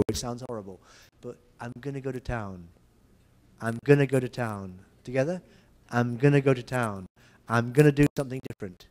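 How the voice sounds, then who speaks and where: Older man giving a lively lecture. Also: medium pitch. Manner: lively, demonstrative, tells humorous anecdotes. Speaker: English language lecturer. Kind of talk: seminar lecture.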